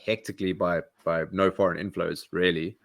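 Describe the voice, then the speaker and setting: A man, a podcast host, explaining in casual chat in a brisk, opinionated way. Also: low-pitched, fairly even intonation, creaky, no room sound. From South Africa.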